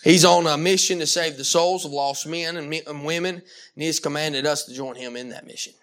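A man preaching a sermon, animated and emphatic, with frequent restarts and calls of amen. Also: a little high, a little fast. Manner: animated, with many restarts and Southern-style "y'all".

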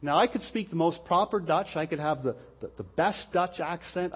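A man's voice: fairly high pitch, expressive, normal speed, hardly any pauses, husky. A man preaching a sermon from the pulpit in a church, explaining earnestly and asking rhetorical questions into a pulpit microphone. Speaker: pastor. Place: church hall.

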